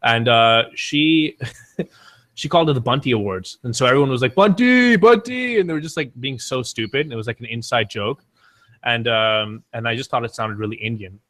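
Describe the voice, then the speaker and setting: A man's voice: mid-range voice, fairly even intonation, a little fast, pushed and bright. A man, a streamer and podcast guest, telling stories in casual chat, rambling and swearing with many restarts.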